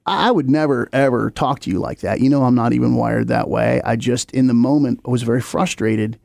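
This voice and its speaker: A man's voice: mid-range voice, steady tone, brisk, gravelly, a little mellow, dry recording, studio quality. A middle-aged man, a podcast co-host, telling a long story casually, laughing often and acting out the voices in it.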